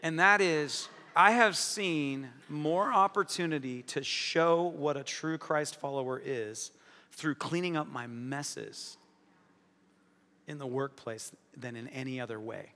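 Bright-voiced man preaching with animated storytelling. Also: a little high. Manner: animated storytelling, fast-talking, self-deprecating humor. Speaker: pastor. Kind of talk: sermon. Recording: long reverb of a large hall.

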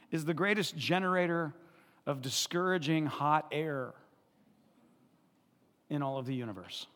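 A man preaches to his congregation in an animated, conversational way, circling back over his points and asking if they follow. His middle-pitched voice carries a long reverb from the church hall. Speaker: pastor. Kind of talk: sermon.

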